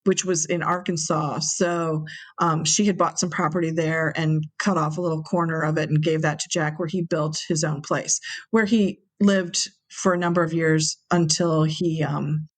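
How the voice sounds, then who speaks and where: A woman telling a story as an interview guest, animated and acting out the people she quotes. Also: low-pitched, normal speed. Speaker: interview guest, brewery owner.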